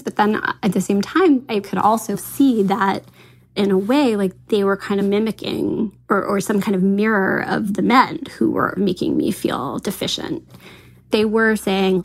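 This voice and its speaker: A woman's voice: mid-range voice, vocal fry. A woman in her late thirties, interviewed, telling a candid story in a wry, self-mocking way with frequent laughter. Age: 30s. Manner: laughs often, wry and self-mocking, mimics others in quotes.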